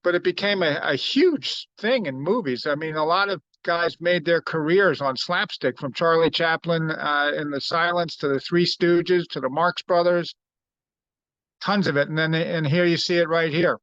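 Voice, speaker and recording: A man's voice: a little high, normal speed, dry recording. Storytelling middle-aged male co-host. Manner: storytelling, animated when quoting others. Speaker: podcast co-host. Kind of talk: casual chat. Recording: dull, slightly lo-fi dry sound.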